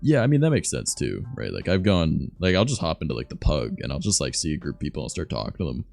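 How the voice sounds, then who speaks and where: A young man from Canada with a deep voice, chatting loosely and softly on his stream, swearing as he goes. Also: very animated, fast talker, gravelly, faint music behind. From Southern Ontario, Canada. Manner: soft-spoken, loose and swearing. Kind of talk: casual stream chat.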